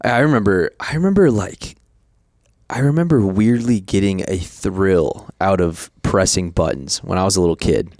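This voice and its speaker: A man's voice: low voice, moderate pace, a little mellow, no echo, clean studio sound. A man co-hosting a podcast, telling childhood stories in casual chat and laughing as he acts out quotes. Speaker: podcast co-host.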